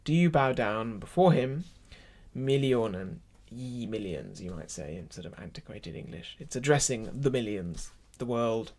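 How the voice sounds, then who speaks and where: A man's voice: medium pitch, animated, normal speed, darkish tone. A man leading an online choir rehearsal, explaining German pronunciation and musical phrasing and counting the singers in. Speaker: choir leader.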